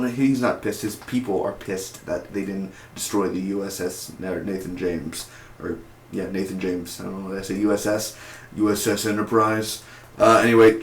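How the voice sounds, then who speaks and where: A man's voice: on the low side, gravelly. Rambling male TV reviewer, echoey room. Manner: rambling, repeats words, self-corrects. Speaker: TV episode reviewer. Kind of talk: casual video review. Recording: echoey room with faint noise.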